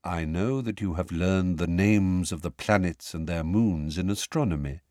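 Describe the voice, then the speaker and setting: Firenze, a man voicing a calm centaur. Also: medium pitch, dry recording, clean studio sound. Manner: calm, slow and measured. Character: calm wise male centaur teacher, aloof. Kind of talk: audiobook character voice.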